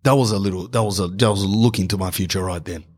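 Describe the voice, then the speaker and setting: A man's voice: sits low, quick pace. A young man telling a comic story, acting out the people in it. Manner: animated, acts out characters in dialogue. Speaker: comedian.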